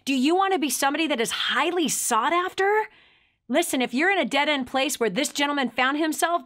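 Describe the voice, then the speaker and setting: Bright, passionate woman radio host. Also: high voice. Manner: passionate, preacher-like delivery. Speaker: radio talk show host. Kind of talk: motivational radio talk.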